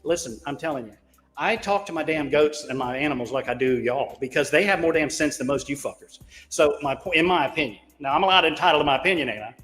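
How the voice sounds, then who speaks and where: This is a man who talks in a loose, rambling way and curses freely as he spins stories for his co-hosts. His voice sits a little high for a man. The recording carries a long, lingering reverb. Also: fast talker, fairly bright tone, soft background music. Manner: rambling, profane storyteller, laughs at himself. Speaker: co-host. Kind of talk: casual group chat.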